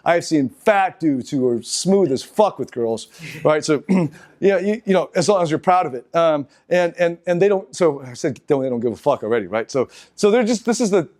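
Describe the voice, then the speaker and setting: A middle-aged man giving a live seminar lecture, talking in an animated, halting way with restarts and asides to the audience. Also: a little high. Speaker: seminar speaker.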